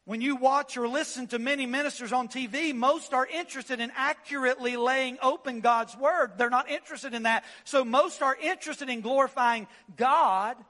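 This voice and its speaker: A pastor preaching with a strikingly high, bright and forceful voice. He hammers points by repeating them and restarts his words as he pushes on. His sermon rings with a long reverb through a church hall. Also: normal speed, few pauses. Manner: emphatic preaching with repetitions and stammered restarts.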